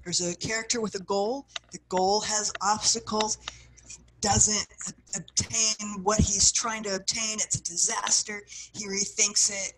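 Expressive woman, mid-range voice, workshop teacher talking students through exercises, soft trailing phrases, faint background hiss with clicks. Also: medium pitch, unhurried, poor audio. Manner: expressive, acts out what she describes, soft trailing phrases. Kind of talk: guided workshop instruction.

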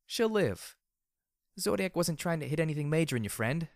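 A man's voice: on the high side, lively intonation, moderate pace, dry recording, clean studio sound, pitched above the performer's own voice. A man voicing a brutal, cheerful armored female pony mercenary in an audiobook, with a cocky, crude, slightly slurring manner. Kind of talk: audiobook character voice.

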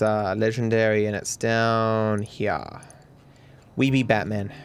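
A man's voice: medium pitch, a little hiss or hum. Anxious Australian man narrating gameplay. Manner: anxious, stammering, swings into panicked outbursts. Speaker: video game streamer. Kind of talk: live gameplay commentary.

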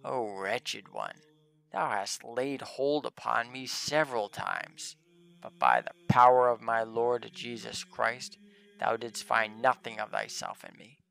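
A man's voice: medium pitch, expressive, slow, vocal fry, a bit bright, soft background music, full character voice. A man voicing a fearless male martyr saint, reading his commands in solemn archaic English. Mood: commanding.

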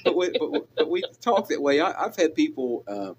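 A man's voice: a little high, big pitch swings, normal speed, dull audio, slight background noise. A man hosting a radio show, chatting casually with a caller in a Southern hill-country accent, rambling with many restarts. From American South. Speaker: radio host. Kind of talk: casual on-air chat with a caller.

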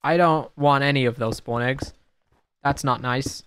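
Excitable young man narrating his gameplay. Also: mid-range voice, measured pace, pauses often, slight background noise. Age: young adult. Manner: excitable, talks to mobs, sudden shouts and mutters. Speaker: gaming YouTuber. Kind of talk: casual gameplay commentary.

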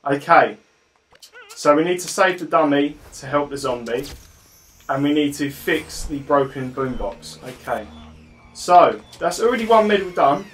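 A man commentating his own gameplay casually, with excited outbursts and halting moments when he reads on-screen text aloud. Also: a little high, slight background noise.

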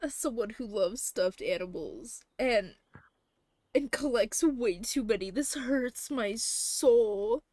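A woman's voice: fairly high pitch, animated, slow, warm tone, dry recording. A young woman streaming a game, distressed and apologetic, half-crying through her laughter. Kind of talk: live game-stream chat.

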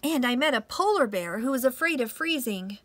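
A man's voice: extremely high pitch, expressive, moderate pace, a bit bright, slight background noise. A man voicing a timid young male turtle in a children's storybook read-aloud, polite and earnest.

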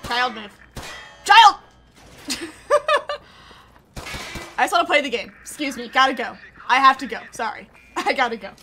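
Bright, excitable woman gaming streamer. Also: high-pitched, fast talker, faint music behind. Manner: excitable, chatty, laughs a lot. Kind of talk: casual live gameplay commentary.

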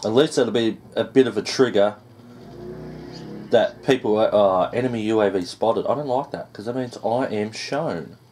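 A man giving excited gameplay commentary, groaning at setbacks and swearing now and then. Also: lowish voice, moderate pace, a little hiss or hum. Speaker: gaming YouTuber.

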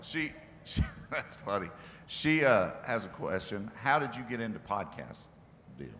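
A man's voice: on the low side, very animated, a little slow, sharp tone, a little hiss or hum. A man moderating a live event, upbeat and taking questions from the audience. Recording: distant, echoey hall with faint ambience.

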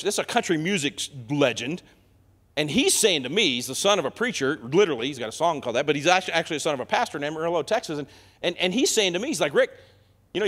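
Fiery high-voiced male preacher, echoing hall. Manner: impassioned, swings from soft asides to loud declarations. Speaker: guest speaker. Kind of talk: fiery sermon. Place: church sanctuary.

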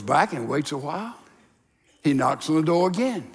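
In a large church sanctuary, a male pastor with a slightly high, husky voice preaches at a moderate pace, his pitch swinging widely. He's a storytelling preacher who performs the different voices in his tales.

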